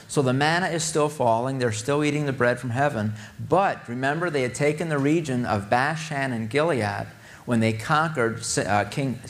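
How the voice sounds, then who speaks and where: Male Bible teacher with a mid-range voice, conversational sermon, reads verses and then unpacks them. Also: mid-range voice. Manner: reads scripture then explains with rhetorical questions.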